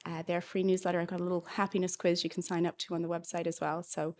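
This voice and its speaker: A woman's voice: fairly low pitch, level tone, fast, darkish tone. A woman with a Canadian accent, an author chatting as a podcast guest, telling stories and laughing often. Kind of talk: podcast interview.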